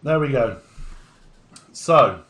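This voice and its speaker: A man co-hosting a casual podcast. He speaks bluntly and swears freely, with a mid-pitched everyday voice. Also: lively intonation, very slow, a bit bright. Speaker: co-host.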